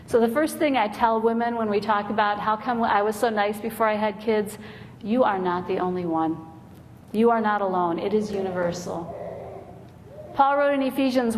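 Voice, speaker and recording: A woman's voice: medium pitch, normal speed. A woman giving a humorous, earnest inspirational talk to mothers, telling stories with comic timing. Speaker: Christian women's speaker. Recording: long hall reverb, faint noise.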